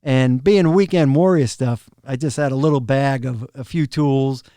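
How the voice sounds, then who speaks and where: A middle-aged man, a drum tech, casually telling backstage stories on a podcast, animated and often laughing. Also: mid-range voice, moderate pace, dry recording, studio quality. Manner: animated, laughs often, acts out quoted people. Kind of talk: casual storytelling of road anecdotes.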